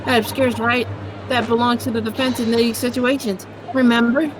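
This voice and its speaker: A woman voicing a prim young female legal assistant in a game, brisk and scolding. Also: on the high side, flat delivery, background noise, natural voice. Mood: urging. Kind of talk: voicing game dialogue with friends.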